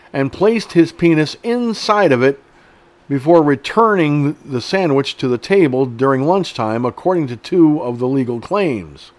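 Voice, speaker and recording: A middle-aged man with a medium-pitched voice hosts an online news show, reading an article aloud and breaking off into blunt, profane, indignant commentary.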